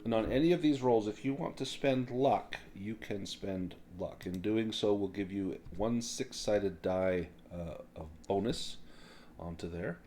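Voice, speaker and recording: A man narrating as game master of a tabletop role-playing game, in a casual, halting way with frequent fillers. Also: fairly low pitch, warm tone, slight background noise.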